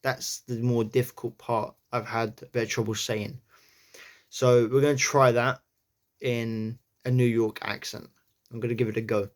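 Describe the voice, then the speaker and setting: A man talking casually about practicing an accent, rambling with many fillers and trailing off quietly. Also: mid-range voice, level tone, moderate pace. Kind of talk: casual how-to talk to camera.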